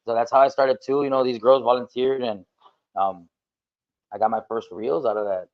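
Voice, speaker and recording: A man's voice: mid-range voice, steady tone, moderate pace, dull audio. A man appearing as a guest singer on a podcast, talking casually and switching between English and Spanish.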